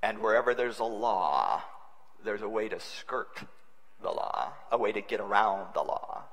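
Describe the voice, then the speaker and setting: A man preaching a sermon as a bishop, wry and humorous, swinging between loud and hushed delivery. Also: on the low side, measured pace. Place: large conference hall. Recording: long reverb of a large conference hall.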